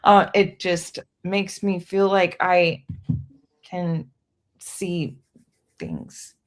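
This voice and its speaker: A woman's voice: on the low side, steady tone, very slow. A woman co-hosting a podcast, rambling with many restarts and frequent laughs. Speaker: podcast co-host. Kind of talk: casual chat.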